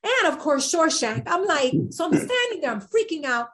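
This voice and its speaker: A woman, an actress and singer, telling a lively anecdote as a podcast guest. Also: sits high, normal speed. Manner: lively, acts out quoted voices.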